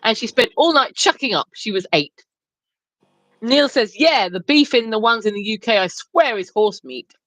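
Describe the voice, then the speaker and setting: Reading the chat aloud as a livestream co-host, this woman from the United Kingdom is chatty and giggly in casual conversation. She has a slightly high, fairly bright British voice, recorded with no room sound and at low quality.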